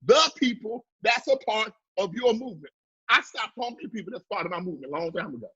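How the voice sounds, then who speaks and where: Preachy man, higher-pitched husky voice, coaching viewers like a sermon. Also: animated, fast, sharp tone, highs cut off. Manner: preachy and emphatic, repeats key phrases, talks to the viewers. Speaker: business coach. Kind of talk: motivational livestream lesson.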